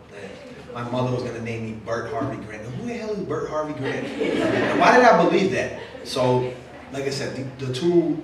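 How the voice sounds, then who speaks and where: A man's voice: mid-range voice, noisy background. Man, author talking to a young audience, jokey and chatty, heard from far off in a very echoey room. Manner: chatty, jokey, acts out quoted voices. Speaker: author speaking to young readers. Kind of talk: casual talk with audience Q&A. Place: event room at a literary center.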